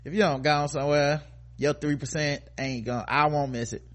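Brief: male podcast co-host, slightly high voice, loose comic commentary, laughs through his reads. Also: brisk. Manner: animated, laughs often, reads news with mocking asides. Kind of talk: casual comedic commentary.

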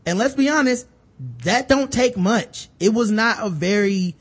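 A man co-hosting a casual talk show, animated and profane, acting out characters as he rants. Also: sits high, unhurried. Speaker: podcast co-host. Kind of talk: casual chat.

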